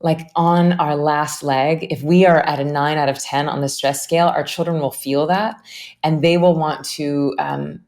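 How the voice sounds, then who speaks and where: A low-pitched woman speaks as a guest in a relaxed interview. She talks earnestly about parenting and slips into quick acted-out voices when she quotes people. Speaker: guest, meditation teacher. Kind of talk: casual interview conversation.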